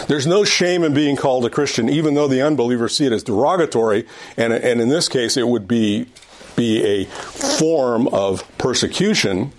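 Man, middle-aged, adult Sunday school teacher, conversational, repeats himself, mid-pitched voice. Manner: conversational, repeats and restarts phrases, stresses points. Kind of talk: Bible class teaching.

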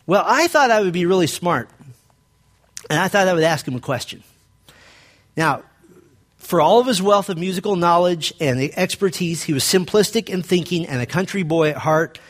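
A man's voice: animated, moderate pace. Man preaching a storytelling sermon. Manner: storytelling, dropping low and quiet for emphasis. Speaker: pastor.

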